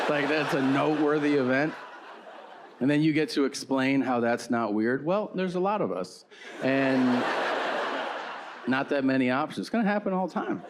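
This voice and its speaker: A man doing a stand-up routine, sarcastic and exasperated, his voice jumping high in mock outrage. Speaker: stand-up comedian. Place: comedy stage before a laughing audience. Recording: live show with clear crowd noise.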